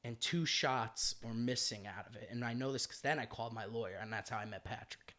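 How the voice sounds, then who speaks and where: Comedian guest: American man in his thirties, mid-range voice, animated and profane while he spins a yarn. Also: medium pitch, brisk. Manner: animated, swearing, acts out quoted voices. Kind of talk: casual storytelling.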